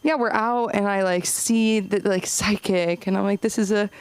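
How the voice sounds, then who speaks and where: A woman's voice: medium pitch, steady tone, normal speed, clean tone, dry recording. Rambling woman doing open-mic stand-up. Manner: chatty, rambling, self-deprecating. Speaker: stand-up comedian. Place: comedy club stage.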